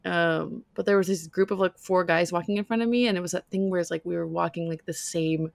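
A woman's voice: lowish voice, a little fast, creaky, no echo, clean studio sound. A woman co-hosting a podcast, chatting casually and telling stories with plenty of fillers. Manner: chatty storyteller, filler-heavy. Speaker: podcast co-host. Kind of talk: casual chat.

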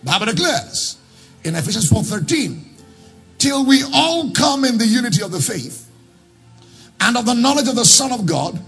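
A man preaching a sermon as pastor, swinging into sung, chanting lines and shouted calls to the congregation. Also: high voice.

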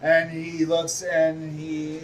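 Slow-talking male game master narrating the scene, heard from a distance over faint music. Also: a little high, completely flat delivery. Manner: unhurried, hesitant restarts.

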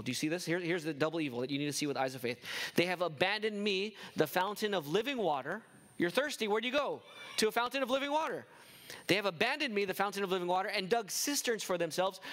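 A man's voice: high-pitched, fairly bright tone. A man preaching a sermon with passion, firing off rhetorical questions at his congregation. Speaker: pastor.

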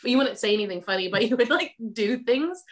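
A woman's voice: on the high side, lively intonation, a little fast. A young woman guesting on a podcast who talks in a laid-back, laughing way with lots of fillers. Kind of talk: casual chat.

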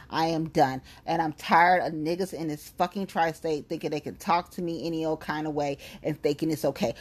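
A woman with a lowish, slightly rough voice vents angrily straight to camera in a blunt, profane rant, heated and emphatic as she addresses her viewers.

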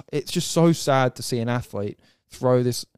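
A man's voice: mid-range voice, a little slow, a little mellow, clear, resonant tone, no room sound, studio quality. A man co-hosting a sports podcast, ranting and swearing with exasperation. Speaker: podcast co-host. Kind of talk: casual sports podcast chat.

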